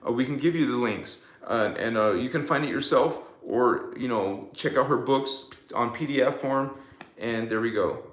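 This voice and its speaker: A man's voice: mid-range voice, moderate pace. A man hosting a spiritual live stream, leading repeated affirmations and chanting strings of invented syllables. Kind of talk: casual spiritual livestream talk with affirmations. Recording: echoey room.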